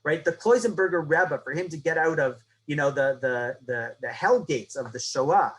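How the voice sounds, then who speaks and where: A man teaching a lesson on the Passover Haggadah. He tells it as a story, keeps asking the listeners "right?", and moves between loud, emphatic lines and low, hushed ones. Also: expressive, moderate pace, low-quality recording.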